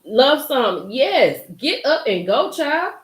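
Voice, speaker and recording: Young woman, live recap host, animated and hyped, fairly high voice, echoey room. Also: slow. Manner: animated, gets hyped and loud, talks to chat by name. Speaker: livestream host recapping a reality show. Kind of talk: casual chat to live viewers.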